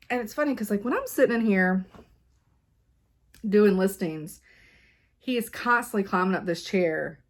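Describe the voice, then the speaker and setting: A woman's voice: mid-range voice, moderate pace, long pauses. A woman, chatting casually as a cross-stitch vlogger at her home craft desk, rambling with lots of fillers and laughs.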